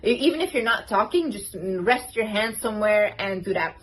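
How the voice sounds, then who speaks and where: In a casual pep talk to the camera, this young woman vlogger shares confidence advice, chatty and emphatic and full of "like"s and "literally"s. Her mid-range voice has lively intonation and a fairly quick pace, though the audio is poor.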